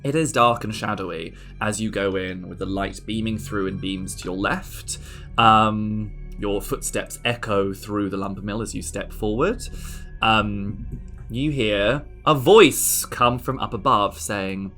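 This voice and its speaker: Bright-voiced guy narrating a tabletop game, laid back, says um a lot. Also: lowish voice, measured pace, faint music behind. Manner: casual, many ums and likes, laughs often. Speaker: game master.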